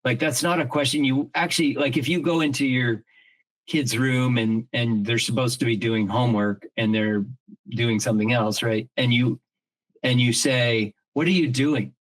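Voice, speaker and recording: A man's voice: mid-range voice, steady tone, normal speed, poor audio. A middle-aged man co-hosting a podcast in casual chat, earnest and reflective, thinking aloud with many restarts and the odd casual swear word. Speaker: podcast co-host.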